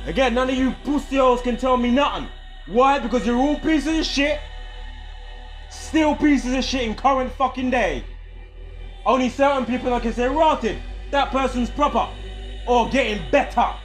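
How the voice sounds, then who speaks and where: A man's voice: extremely high pitch, normal speed, faint music behind. A man, ranting angrily and profanely to camera in a vlog, heated and sarcastic. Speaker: vlogger. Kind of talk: angry ranting monologue to camera.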